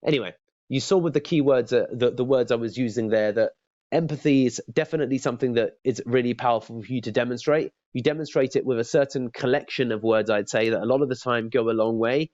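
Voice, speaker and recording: A man's voice: mid-range voice, fast talker, a little mellow, dry recording, highs cut off. A man as a sales trainer giving a casual, chatty lesson, often stumbling and repeating his words.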